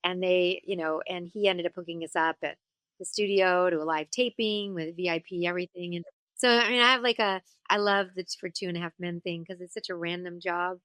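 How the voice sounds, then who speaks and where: A woman voice actor and singer chatting as an interview guest, telling stories in an animated way and slipping into character voices. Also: fairly low pitch, brisk, no echo. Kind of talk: casual interview chat.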